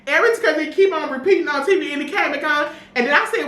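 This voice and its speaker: A woman's voice: high-pitched, fast, pushed and bright, roomy sound. A woman co-hosting a podcast, talking animatedly in slang and repeating "you know what I'm saying.". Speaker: podcast co-host. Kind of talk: casual chat.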